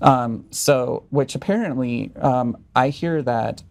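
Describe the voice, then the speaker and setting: A man's voice: mid-range voice, slow pace, creaky. A man who is a guest on a podcast, talking casually in a blunt, provocative, rambling way. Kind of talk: casual chat.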